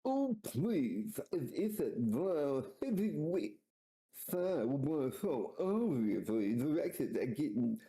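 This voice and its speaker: A man plays a surly male ghost sprite, talking with a lisp. He sneers and hurls insults in a raised, drawn-out voice for a comic read-aloud. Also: on the high side, sing-song, warm tone, pitched above the performer's own voice, full character voice, poor audio. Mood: sneering.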